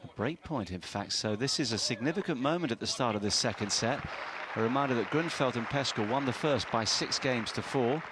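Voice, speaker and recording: A man presenting live tennis coverage, steady, informative and gently teasing. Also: mid-range voice, fairly quick, hardly any pauses, a crowd in the background, background noise. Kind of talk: live sports broadcast chat.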